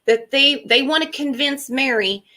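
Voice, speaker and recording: A woman co-hosts a casual chat in a slightly high voice. She mocks freely and fires off rhetorical questions. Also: unhurried, bright, forceful tone. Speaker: co-host. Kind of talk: casual podcast discussion.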